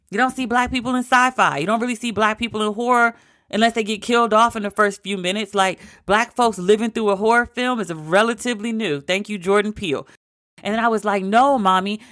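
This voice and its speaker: A woman in her forties hosting her podcast alone, telling stories in an animated, emphatic way with lots of repetition. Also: medium pitch, dry recording, clean studio sound. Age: 40s. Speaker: podcast host. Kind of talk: casual solo podcast talk.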